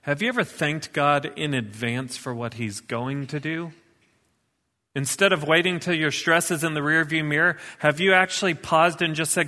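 A man's voice: on the high side, moderate pace, sharp tone, in a large hall. A man preaching a sermon as pastor, emphatic and repeating key words with rising force.

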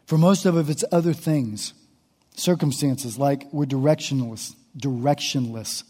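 A man's voice: medium pitch, unhurried, dark tone, big-room sound. A man preaching an impassioned sermon as pastor, voicing the psalmist's laments with feeling. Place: church sanctuary.

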